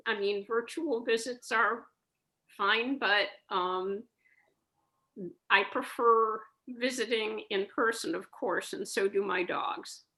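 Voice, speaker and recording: A woman's voice: medium pitch, pushed and bright, low-quality recording. A woman volunteer speaking earnestly on a video call about her visits with therapy dogs. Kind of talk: casual storytelling on a video call.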